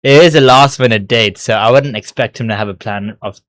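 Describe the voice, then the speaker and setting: A man's voice: medium pitch, a little fast, a bit bright, no echo. A man hosting a reaction video, exclaiming and giving short opinions on the stories he watches. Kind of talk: reacting to clips.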